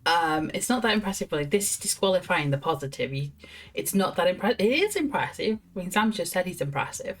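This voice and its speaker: A woman's voice: fairly low pitch, lively intonation. Woman streamer chatting through a game. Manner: chatty, quick, amused. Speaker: streamer playing a therapy game. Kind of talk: live gameplay commentary.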